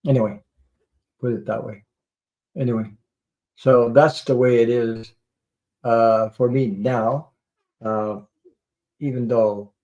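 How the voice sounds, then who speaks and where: A middle-aged man with a medium-pitched, mellow voice hosts a tarot livestream, rambling as he chats, laughing often and swearing casually. The recording is muffled.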